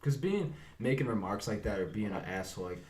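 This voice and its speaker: Fast-talking, profane man in an echoey room. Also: lowish voice. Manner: fast, profane, animated storytelling. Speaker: actor, podcast guest. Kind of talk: casual podcast chat.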